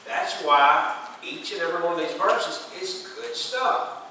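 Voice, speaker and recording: A high, bright-voiced man preaches a folksy, animated sermon. His voice rings through an echoey church room, picked up from some distance with faint noise behind. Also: unhurried. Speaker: pastor. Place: church sanctuary.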